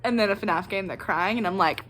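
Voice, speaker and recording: A young woman vlogger ranting casually and excitedly, rambling with lots of fillers. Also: mid-range voice, brisk, slight background noise. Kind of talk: casual reaction rant.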